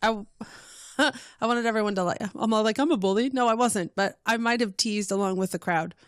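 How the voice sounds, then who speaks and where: A woman guest in a casual podcast chat, bubbly and given to squealing when she quotes her own excitement. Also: fairly high pitch, fairly quick, no echo, studio quality.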